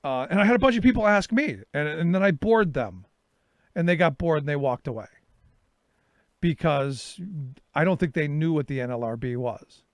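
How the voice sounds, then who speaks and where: A middle-aged man hosts a talk show and tells a story in a loose, casual monologue, acting out the exchanges he had. His voice sits a little high for a man. The sound is close and dry, with no room behind it. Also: normal speed, no echo. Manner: animated storytelling, reenacts his own exchanges.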